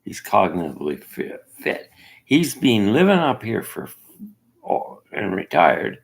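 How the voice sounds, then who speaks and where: Gravelly husky man, rambling opinion monologue, wild pitch swings, slow delivery. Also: wildly swooping pitch. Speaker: self-made video commentator. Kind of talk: casual monologue.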